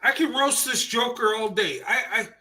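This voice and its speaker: A man hosting a reaction commentary, incredulous and mocking, pausing to laugh and imitate what he hears. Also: extremely high pitch, lively intonation, sharp tone. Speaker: commentary channel host.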